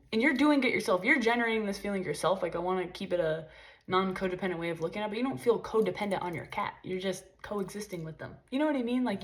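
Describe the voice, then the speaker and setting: Frank, chatty young woman vlogging. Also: mid-range voice. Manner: frank, profane, chatty with many fillers. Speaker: spiritual vlogger. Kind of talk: casual rambling monologue.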